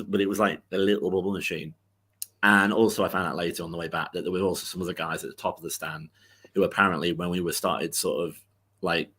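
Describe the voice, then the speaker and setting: A man's voice: deep voice, fairly bright tone. A man co-hosting a football podcast, telling a long rambling anecdote in casual chat, full of fillers and restarts.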